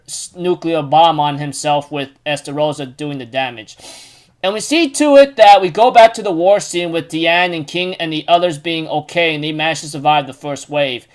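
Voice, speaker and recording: A man's voice: a little high, moderate pace. A man casually recapping a manga chapter, rambling with many fillers and restarts.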